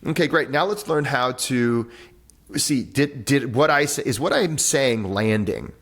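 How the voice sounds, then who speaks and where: Animated man explaining breathwork. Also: mid-range voice, takes it slowly. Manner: animated explainer, acts out little voices, many restarts. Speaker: breathwork teacher and author, podcast guest. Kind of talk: conversational interview on a podcast. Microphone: video call.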